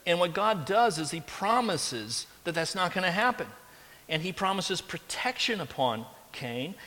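A man preaching with a bright, forceful, slightly high voice. He pushes his points hard with rhetorical questions. His words ring out in a large hall with long reverb. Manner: emphatic, with rhetorical questions to the listeners. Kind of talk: sermon.

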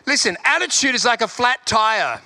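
A man preaching a sermon in a lively way, repeating his key lines and chuckling between points. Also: very high-pitched, moderate pace.

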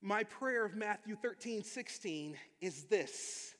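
A male pastor preaching a sermon with energetic, emphatic delivery and calls for amens to the congregation. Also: high-pitched, slow. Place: church sanctuary. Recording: long hall reverb.

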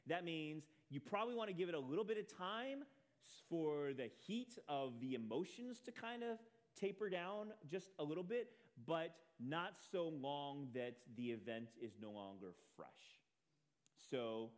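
Animated man preaching a sermon. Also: on the high side, measured pace. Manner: animated storytelling, self-deprecating asides. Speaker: pastor.

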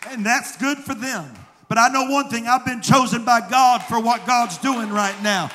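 A man with a Southern accent preaching a rhythmic sermon as pastor, swinging between hushed passages and shouted refrains. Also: extremely high pitch, normal speed. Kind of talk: fiery sermon. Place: church sanctuary. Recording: long hall reverb, faint crowd and noise.

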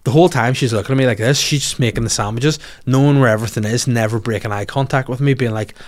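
A man in his thirties with a Northern Irish accent, a comedian hosting a podcast, telling animated comic stories with some swearing. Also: mid-range voice, fast. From Northern Ireland. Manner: animated, swearing, acts out voices in quotes. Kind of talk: comic storytelling.

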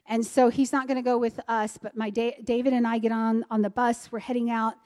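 A middle-aged woman telling a church testimony in an animated way, acting out the people she quotes. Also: on the high side, fairly quick. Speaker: speaker sharing a mission testimony.

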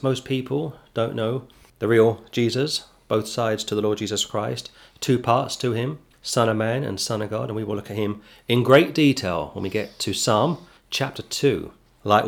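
A man's voice: medium pitch, creaky. A man preaching a sermon, reading scripture aloud with force and then commenting in a conversational way.

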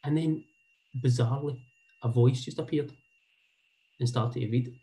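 A man's voice: medium pitch, normal speed, mellow, poor audio. A Scottish man in his forties telling a heartfelt personal story in a rambling, earnest way, often repeating words. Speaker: speaker sharing a personal story.

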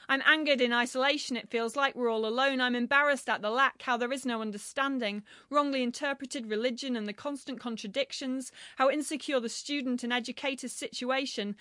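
A woman reading a translated poem aloud in a measured, solemn recitation. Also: high voice, sharp tone, no room sound, studio quality. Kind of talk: poetry reading.

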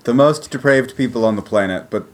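A man's voice: mid-range voice, a little fast. A man co-hosting a casual podcast chat, talking animatedly and acting out quoted lines. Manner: animated, acts out quoted lines, swears freely. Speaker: podcast co-host.

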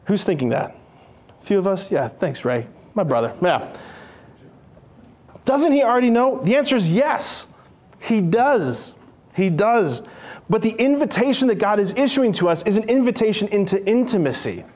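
A man with a high, bright-sounding voice preaching to a group. He talks in a playful, animated way, joking and acting out characters as he tells his stories. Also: normal speed. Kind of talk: lively sermon with acted-out stories.

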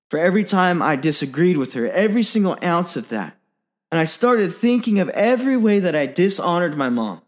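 A young man sharing a personal testimony in an earnest, candid sermon style, often using fillers. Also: on the high side.

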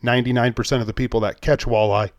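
A man's voice: medium pitch, level tone, fast, no room sound, clean studio sound. A man co-hosting a fishing podcast, talking casually and making his point with hypotheticals and repeated lists. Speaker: podcast co-host. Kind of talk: casual chat.

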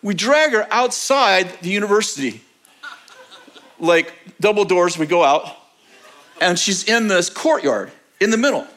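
A man with a high, light voice preaches through a personal story. He tells it in an animated way, laughter breaking into his words as he goes. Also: a little slow. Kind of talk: sermon testimony storytelling.

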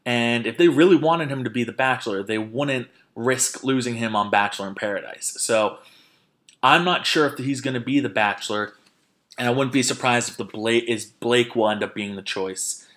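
A man's voice: medium pitch, normal speed. Chatty man recapping a show. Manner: chatty, animated retelling with quoted voices and laughs. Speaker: podcast host. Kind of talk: casual chat recapping a reality show.

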